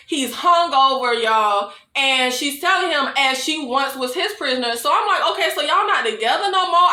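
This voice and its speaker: A young woman, recapping a TV episode in a sassy, expressive way and laughing often. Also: sits high. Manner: expressive, sassy, laughs often, calls viewers "y'all" and "baby". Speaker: TV recap reviewer. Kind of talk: casual, animated episode recap. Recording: echoey room.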